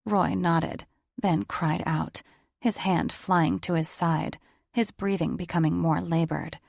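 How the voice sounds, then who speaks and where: This is a woman voicing an audiobook with calm, measured delivery. Her tone has a rough, gravelly texture and sits a little low, captured dry and near the mic without any echo.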